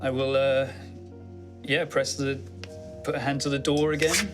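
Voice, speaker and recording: A man's voice: medium pitch, flat delivery, measured pace, music in the background. A man playing a tabletop game, talking casually and hesitantly. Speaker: player.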